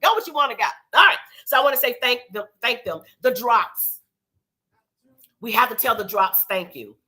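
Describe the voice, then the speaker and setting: Lively, bright-voiced woman hosting a live show. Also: fairly high pitch, normal speed. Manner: chatty, sassy and animated, thanking sponsors. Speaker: show host. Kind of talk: casual live recap show.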